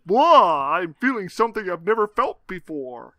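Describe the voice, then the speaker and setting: A man's voice: high voice, big pitch swings, normal speed, sharp tone, dry recording, pitched above the performer's own voice, heavily acted. A man putting on a campy Dracula vampire voice with a mock Eastern European accent. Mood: hammy lovestruck. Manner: over-the-top, campy.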